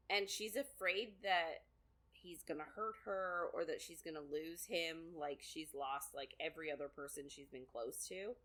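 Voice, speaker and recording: A woman's voice: low voice, pushed and bright. A woman co-hosting a podcast, chatting casually through a book recap with lots of fillers and quoted asides. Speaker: podcast co-host.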